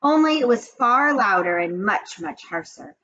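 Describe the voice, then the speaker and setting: A woman reading a children's story aloud with expressive, dramatic storytelling. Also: a little high, a little slow, muffled recording, slight background noise. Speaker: reader of children's books. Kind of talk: storybook read-aloud narration.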